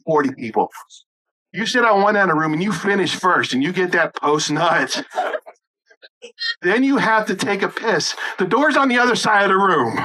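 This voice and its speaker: A man performing a crude stand-up comedy set, shouting punchlines and acting out voices. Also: high voice, a little hiss or hum, poor audio. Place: rooftop event.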